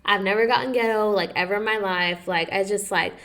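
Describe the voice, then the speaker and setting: A woman's voice: medium pitch, fairly quick. A young woman co-hosting a casual podcast, telling a long story and acting out what each person said, with "like" in nearly every line. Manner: animated storyteller who acts out quotes, says "like" often. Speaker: podcast co-host.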